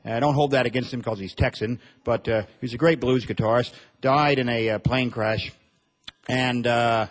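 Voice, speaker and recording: A man from Montana performing a stand-up comedy set on stage, with a deadpan, drawling delivery. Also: mid-range voice, moderate pace. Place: comedy stage before an audience.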